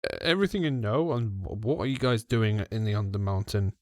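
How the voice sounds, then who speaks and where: A man's voice: on the low side, a little fast, darkish tone, no echo, clean studio sound. A man playing a tabletop game, chatty and inquisitive. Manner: chatty, restarts and fillers, probing questions. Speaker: player. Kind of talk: casual in-character tabletop play.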